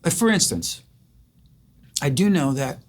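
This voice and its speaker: A man's voice: a little high, lively intonation, measured pace. An older man hosting an interview, asking long reflective questions that he builds up with stories of his own. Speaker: host. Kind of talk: interview conversation.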